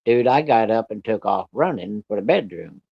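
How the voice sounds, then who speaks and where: A man's voice: fairly low pitch, lively intonation, moderate pace, gravelly, slightly rough, no room sound. Folksy, profane male storyteller, muffled audio. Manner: folksy, profane, colloquial country grammar. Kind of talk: casual spoken storytelling.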